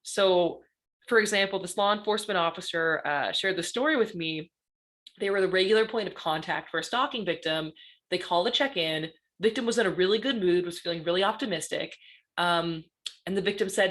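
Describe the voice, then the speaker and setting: Woman presenting, chatty and animated. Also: lowish voice, fairly quick. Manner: lively, conversational, often asks "right?". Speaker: guest panelist on stalking. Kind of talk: presentation talk.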